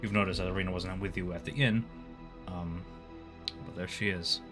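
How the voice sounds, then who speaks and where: A man with a deep, low voice narrates a tabletop game as its game master. He describes the scene loosely, with plenty of ums and uhs. Soft music plays underneath. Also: normal speed. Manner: relaxed, filler-heavy narration.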